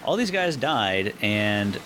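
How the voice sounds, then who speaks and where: Animated man chatting over gameplay. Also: on the low side, slow pace, background noise. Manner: animated, laughs often, thinks aloud. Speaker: podcast co-host playing a game. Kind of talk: casual gameplay chat.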